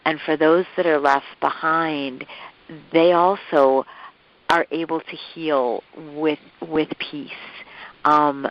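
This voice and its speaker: A woman hosting an interview, speaking in a gentle, affirming way. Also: low-pitched. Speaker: interview host. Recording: dull lo-fi recording.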